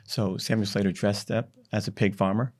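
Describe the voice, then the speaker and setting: A man guest on a podcast, telling a history story in an animated, drawn-out way. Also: lowish voice. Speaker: startup CEO, podcast guest. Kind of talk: conversational storytelling.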